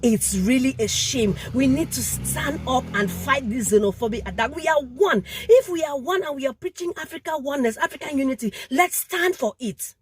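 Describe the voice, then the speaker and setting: A woman's voice: high voice, expressive, moderate pace, few pauses, slightly rough, soft background music. A woman makes an impassioned appeal straight to camera. She is emphatic, repeats phrases and stumbles over words, and she is sweating in the heat. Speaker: vlogger.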